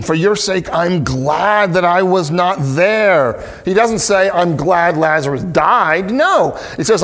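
Male pastor, slightly high voice, unhurried sermon delivery mixing careful reading with chatty commentary. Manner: slow, deliberate scripture reading with conversational asides.

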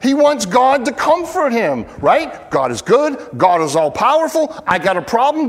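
A man preaching an earnest, expressive sermon, acting out the pleas he quotes. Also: very high-pitched, a little slow, hardly any pauses, slightly rough, big-room sound. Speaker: pastor.

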